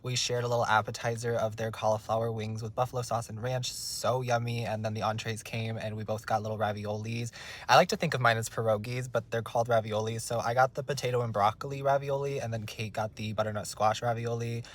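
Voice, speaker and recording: A man's voice: medium pitch, little pitch movement, fast. A young man chatting casually to camera as a lifestyle vlogger, full of trendy slang and "like" fillers. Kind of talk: casual vlog chat. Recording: echoey room with faint background music.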